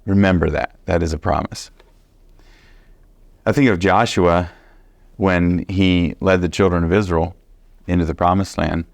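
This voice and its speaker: Earnest preacher guy, deep and a bit gravelly, animated bible study talk. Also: a little slow, pauses often, dry recording. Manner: earnest, animated storytelling with repeated emphasis.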